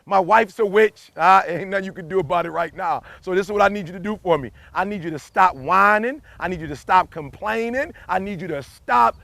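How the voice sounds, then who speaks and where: A man's voice: sits high, brisk, creaky, hardly any pauses, sharp tone, no echo. A man giving a motivational speech in an emphatic, preachy way, repeating his key lines and driving each point home. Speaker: motivational speaker.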